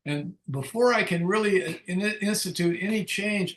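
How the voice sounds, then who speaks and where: Brief: older male speaker, pitch a little high, telling frank recovery stories in a reverberant room. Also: moderate pace, few pauses, fairly bright tone, a little hiss or hum. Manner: candid storytelling, acts out quoted dialogue. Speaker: AA speaker leading a Big Book study. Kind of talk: personal recovery talk.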